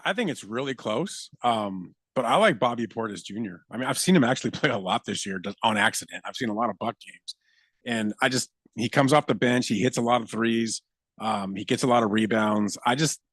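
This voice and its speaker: A man with an ordinary middle-pitched voice gives his basketball pick in a relaxed way on a sports radio show. The sound is dry and close. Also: a little fast, dry recording. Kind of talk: casual sports talk.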